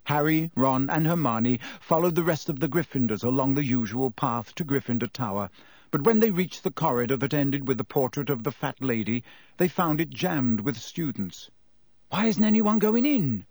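A man narrating a fantasy audiobook in an expressive storytelling manner. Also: mid-range voice, moderate pace, no echo. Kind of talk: scripted narration.

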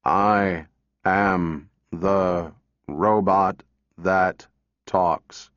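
Man voicing a monotone storybook robot, deliberate and low, dull audio. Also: no room sound, exaggerated voice. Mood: mechanical. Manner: slow, halting, toneless. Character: flat monotone talking exhibit robot. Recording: dull dry recording.

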